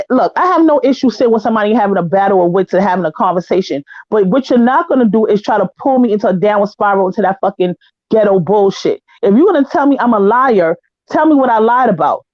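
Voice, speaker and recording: A woman speaking in a heated, casual panel talk from her living room, blunt and profane, telling stories with animated quoting. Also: fairly high pitch, quick pace, dry recording, highs cut off. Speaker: panel guest. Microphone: home setup, living room.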